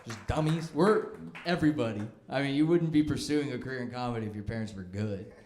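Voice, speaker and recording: A man's voice: medium pitch, quick pace, a little mellow, slight background noise. A young man doing a stand-up comedy set, with a dry, self-deprecating and mocking delivery. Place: comedy club stage. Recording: echoey club room.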